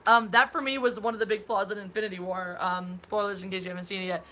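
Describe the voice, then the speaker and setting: Bright-voiced sarcastic young woman. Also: medium pitch. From Philadelphia. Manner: animated, sarcastic, quick asides. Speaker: podcast co-host. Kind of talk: casual livestream chat.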